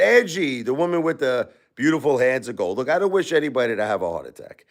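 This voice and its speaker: A man's voice: medium pitch, fast talker. Brash Brooklyn man in his forties. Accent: New York (Brooklyn). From Brooklyn, New York. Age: 40s. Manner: brash and excitable, laughs often, repeats a catchphrase. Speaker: livestream pianist and singer. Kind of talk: casual livestream chat between songs. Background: faint piano music.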